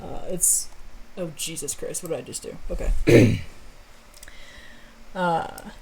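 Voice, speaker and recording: A woman's voice: sits low, slow pace, vocal fry, mellow, a little hiss or hum. A woman streamer and story author in casual chat, rambling and self-mocking, with casual swearing.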